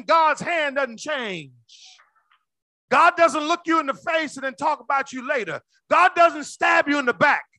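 Calling out to the congregation, a male preacher delivers his sermon in a high, bright voice that shifts between booming shouts and near-whispers. The audio is close and dry, with no room sound at all.

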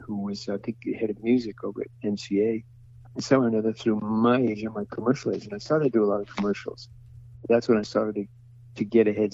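Gravelly and husky, this older man's lowish, dark-toned voice carries through dull lo-fi audio. He's a voice actor being interviewed, spinning long, meandering stories and performing the voices of whoever he quotes.

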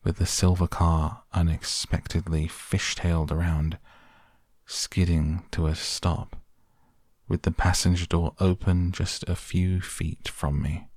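Deep, gravelly male audiobook narrator. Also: no echo, clean studio sound. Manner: measured, even storytelling. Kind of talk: audiobook reading.

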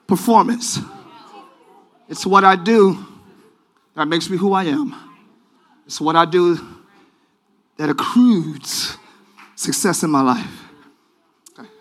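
A man preaching a sermon, shouting call-and-response to his congregation in a church. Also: sits high. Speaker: pastor. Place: large church. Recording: live church recording with music and congregation.

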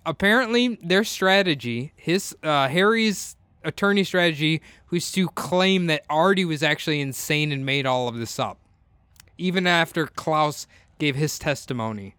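A man co-hosting a casual true-crime podcast reads the story from his notes and keeps breaking into laughter. His voice sits a little high. He sounds close to the mic in a dry room with no echo. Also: moderate pace, bright, forceful tone, smooth. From Minnesota. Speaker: podcast co-host.

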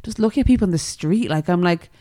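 A young woman talks frankly and fast on a podcast, piling up fillers and quick restarts. Her voice sits a little low for a woman. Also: expressive, mellow. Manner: frank, chatty, lots of fillers. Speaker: podcast co-host. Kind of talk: casual chat.

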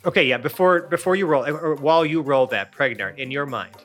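A man running a tabletop game, narrating scenes and calling for rolls in a loose, filler-heavy way. His voice comes across bright and forward, with a faint bed of music behind him. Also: a little high, brisk. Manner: casual, uses many fillers like "like". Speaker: game master.

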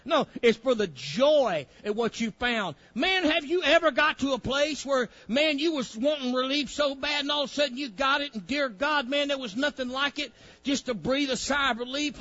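A man's voice: very high-pitched, moderate pace, hardly any pauses, pushed and bright, muffled recording. A male preacher, delivering a fiery sermon with folksy grammar, directing a reader and acting out pleading voices.

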